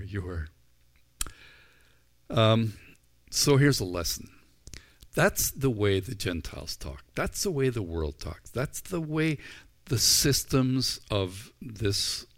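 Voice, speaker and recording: Middle-aged guy preaching slow and low, tells the story and does the voices. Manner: storytelling, acts out the disciples' voices. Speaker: pastor. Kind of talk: sermon.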